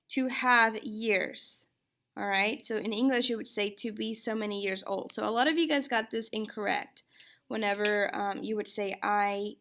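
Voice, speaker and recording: A woman teaching a recorded language lesson, speaking slowly and patiently and checking in with her students often. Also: medium pitch, sharp tone. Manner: slow and patient, checks in with "okay?". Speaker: Spanish teacher. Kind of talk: recorded classroom lecture.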